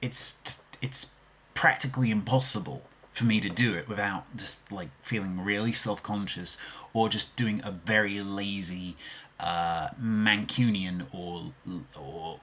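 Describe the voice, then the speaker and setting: A man's voice: lowish voice, a bit bright, slightly rough. A man in his twenties with a Birmingham accent, rambling in a self-deprecating way in a casual vlog. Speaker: vlogger.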